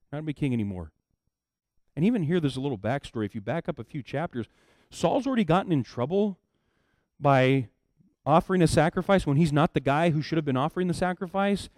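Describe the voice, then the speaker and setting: A man preaching a sermon in a casual storytelling way, swinging from low murmurs to loud emphatic bursts. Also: no room sound, studio quality. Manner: casual storytelling, acts out characters in quick asides. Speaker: pastor.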